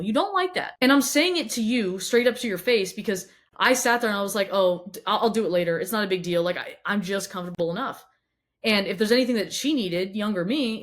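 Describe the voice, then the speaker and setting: Fast-talking blunt woman fitness coach. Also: mid-range voice. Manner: blunt, swears freely, repeats words; asks rapid questions straight at the listener. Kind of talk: motivational monologue to camera.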